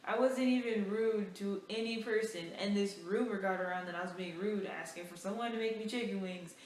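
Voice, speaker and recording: A young woman vlogger telling a storytime in an animated, chatty way, full of fillers. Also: mid-range voice, fairly quick. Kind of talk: casual storytime. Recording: echoey room, mic far off.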